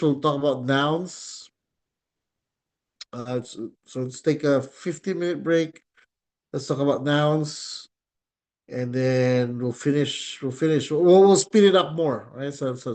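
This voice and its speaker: A man with a Filipino accent teaching a Greek class in a classroom lecture, switching languages and pausing often with fillers and restarts. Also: fairly high pitch, a little mellow. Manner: code-switching, halting, many fillers and restarts.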